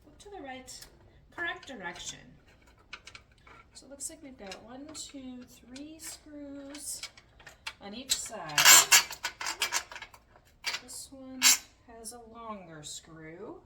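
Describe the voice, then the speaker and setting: A woman with a fairly high voice chats her way through a DIY repair, slow and unhurried, tossing jokey asides to viewers. She is off-mic in an echoey room with clear background noise. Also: expressive, recorded from a distance. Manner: chatty, thinks aloud with jokey asides to viewers. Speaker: DIY vlogger. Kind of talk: casual step-by-step repair narration. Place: home entryway, indoors.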